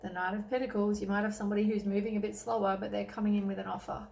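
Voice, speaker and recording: A woman's voice: medium pitch, little pitch movement, rapid-fire, creaky, a little mellow, a little hiss or hum, poor audio. A woman giving a casual tarot reading, tired and yawning, rambling with many ums and self-corrections. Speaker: tarot reader.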